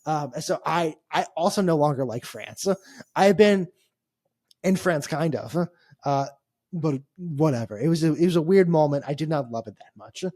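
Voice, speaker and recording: A man tells a long-winded travel story on a casual podcast. He rambles and restarts, wry and a little exasperated, and his voice sits a bit high for a man. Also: expressive, normal speed, darkish tone, dry recording, studio quality. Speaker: podcast co-host. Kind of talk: casual chat.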